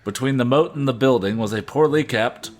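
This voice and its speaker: A man's voice: mid-range voice, darkish tone. A man co-hosting a podcast, reading a novel aloud in a casual way and often breaking into laughter. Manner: reads haltingly, breaks into laughter. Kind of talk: casual read-aloud with banter.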